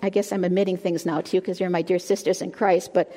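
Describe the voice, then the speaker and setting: An older woman teaching a sermon to a women's group, warm and self-deprecating, with soft laughs between her points. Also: fairly low pitch, level tone, fast. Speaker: women's ministry speaker. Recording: long hall reverb.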